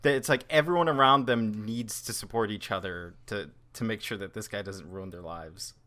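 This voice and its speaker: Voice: medium pitch, moderate pace, sharp tone. A podcast co-host chatting casually about a comic book, thinking aloud and laughing easily.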